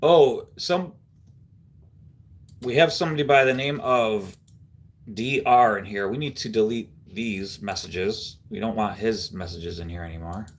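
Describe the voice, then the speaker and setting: A man's voice: lowish voice, moderate pace. A middle-aged man from Central New York hosting a live stream, telling a rambling story to his viewers in a casual way, full of fillers and easy laughs. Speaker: livestream host.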